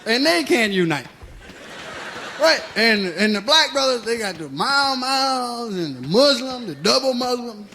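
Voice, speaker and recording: A man doing a stand-up routine, telling profane stories loudly and laughing along with his own jokes. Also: very high-pitched, sing-song, a little slow. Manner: loud, profane storytelling that keeps breaking into laughter. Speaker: stand-up comedian. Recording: noisy live recording.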